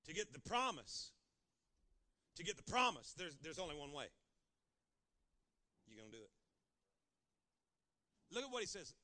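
Bright-voiced pastor preaching a sermon. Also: male voice, high-pitched, big pitch swings, fairly quick. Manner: dramatic, acts out pleading voices.

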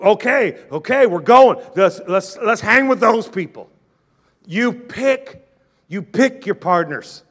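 High-voiced, bright-toned male pastor preaching. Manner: impassioned preaching, calls on the congregation to answer; acts out doubters' objections in a lower, quieter voice. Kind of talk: sermon.

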